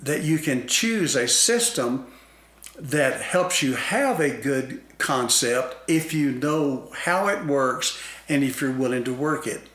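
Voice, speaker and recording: A man explaining ideas about self-concept in a slow, deliberate talk-show conversation, with many fillers and restarts. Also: medium pitch, animated, fairly bright tone, reverberant. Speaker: guest expert on self-concept.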